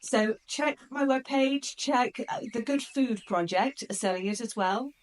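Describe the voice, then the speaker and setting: A woman hosting a podcast, telling a story to her listeners in an excitable, chatty way with plenty of fillers. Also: a little high, measured pace. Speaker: podcast host.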